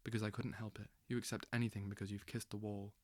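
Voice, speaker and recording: A man reading a literary novel aloud as an audiobook, slow and intense, with dramatic swells. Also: lowish voice, little pitch movement, dry recording, studio quality. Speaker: audiobook reader.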